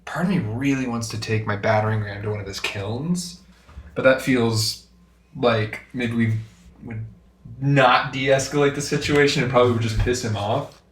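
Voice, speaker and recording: A man playing a tabletop game who thinks aloud deliberately. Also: medium pitch, fairly even intonation, echoey room, slight background noise. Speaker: player.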